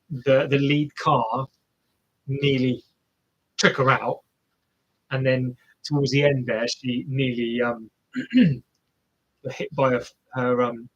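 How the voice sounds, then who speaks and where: The recording is muffled as a man with a fairly bright, medium-pitched voice speaks slowly, with long pauses, while streaming a marathon watch-along. He chats casually, jokes at his own expense and cheers the runners.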